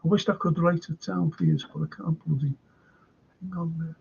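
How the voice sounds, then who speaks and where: A man's voice: on the high side, steady tone, moderate pace, creaky, highs cut off, slight background noise. A man with a Scouse accent hosting a live stream, chatting in a meandering way and reading out viewer comments. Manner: meandering, chatty, self-interrupting.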